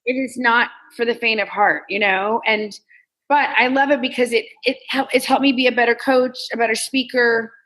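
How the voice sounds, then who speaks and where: Interview guest: Texan woman stand-up comic and coach, frank and lively. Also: a little high, moderate pace, rough recording. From Texas, US South. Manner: candid, animated, acts out quoted self-talk. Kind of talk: casual interview conversation.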